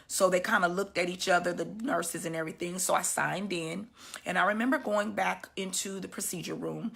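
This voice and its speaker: Bright-voiced woman in her fifties, emotional. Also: creaky. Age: 50s. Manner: emotional, halting, often dropping soft and low. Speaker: women's healing teacher sharing her story. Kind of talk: personal testimony.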